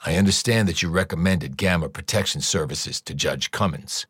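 A calm, blunt federal investigator, voiced by a male narrator, deep and measured, giving hard news without fuss. The sound is dry and close to the mic. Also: breathy edge, no room sound. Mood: grave. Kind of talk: audiobook character voice.

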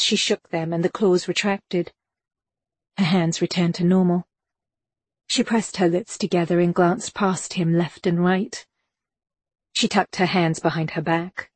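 A woman narrating a novel in an even, measured storytelling voice. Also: on the low side, no echo. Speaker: audiobook narrator. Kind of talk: scripted audiobook narration.

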